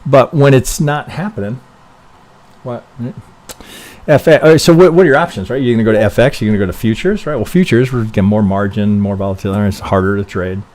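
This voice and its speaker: A man's voice: on the low side, quick pace, darkish tone. A man reviewing trading charts on a live stream, thinking aloud casually, swearing freely and checking in with "right?" after nearly every point.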